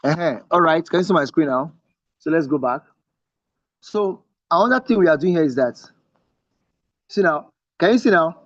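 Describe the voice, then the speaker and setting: Male instructor, slightly high pitch, emphatic and repetitive, dry lo-fi video-call sound. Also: lively intonation, moderate pace, long pauses, no room sound. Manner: repetitive, checks in with listeners often; emphatic teaching tone. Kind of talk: online class with screen share.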